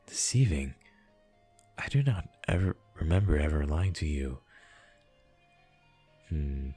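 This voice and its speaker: A man voicing a calm, detached ancient spirit. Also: a bass voice, husky, faint music behind, heavily acted. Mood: placating. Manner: measured and formal, no contractions. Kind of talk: reading a visual novel aloud.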